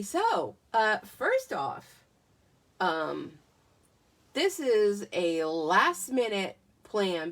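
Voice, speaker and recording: Speaking into a tablet at home, the Southern American crafting livestreamer greets viewers by name in relaxed chat. This time her voice sits on the low side, with a fairly bright tone.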